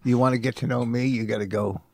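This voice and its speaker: Middle-aged new guy, gruff and teasing, cusses a lot, dry close sound. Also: medium pitch, steady tone, fast, a little mellow, no room sound. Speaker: podcast co-host, comedian. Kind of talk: casual banter with his wife.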